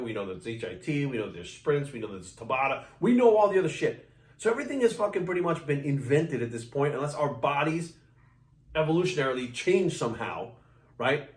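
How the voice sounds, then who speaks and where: A man rants to the camera with blunt passion and a steady stream of swearing. His voice sits at a middling pitch. He stands back from the mic, so the room echoes around him. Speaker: fitness coach. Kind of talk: ranting vlog monologue. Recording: roomy sound, mic at a distance.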